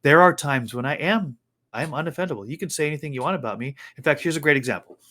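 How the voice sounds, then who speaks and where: Male co-host with a raised, lively voice, animated storyteller in casual chat. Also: a little high, fast. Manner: animated storytelling with faith talk.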